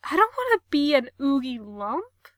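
A woman's voice: high voice, big pitch swings, unhurried, dry recording, voice pushed up. A woman voicing a panicky man who keeps swearing and pleading for help. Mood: frantic. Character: frantic naked man stuck in a bath.

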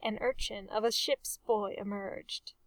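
A woman reading a story aloud in a measured, expressive way. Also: medium pitch, no echo. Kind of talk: storybook narration.

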